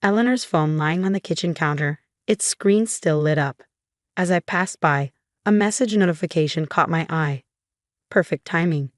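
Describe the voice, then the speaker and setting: A woman with a low voice tells a scripted story in the first person, keeping an even, measured delivery. The recording is dry and close, with no room sound. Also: no echo. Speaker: narrator.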